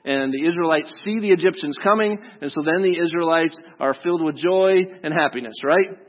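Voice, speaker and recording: Male preacher, conversational sermon, joking asides, slightly high voice, dull lo-fi recording. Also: brisk. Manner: conversational, jokey storytelling with asides to listeners.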